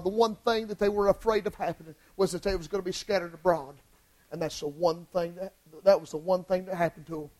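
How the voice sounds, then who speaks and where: Impassioned high-voiced male preacher. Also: steady tone, quick pace, poor audio. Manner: impassioned, swings from hushed to shouting. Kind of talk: sermon.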